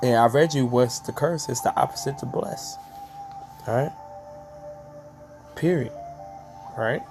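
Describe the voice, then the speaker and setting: A man's voice: mid-range voice, music in the background. A man teaching from scripture in a casual, slangy way, breaking off often to ask if his listeners follow. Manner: slangy, drawn-out emphatic delivery, frequent asides. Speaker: street preacher.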